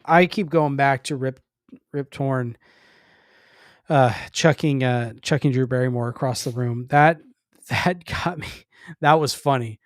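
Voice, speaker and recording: A man's voice: medium pitch, unhurried, dry recording, clean studio sound. Easygoing man in casual chat. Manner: easygoing, hesitant, laughs easily. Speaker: podcast guest.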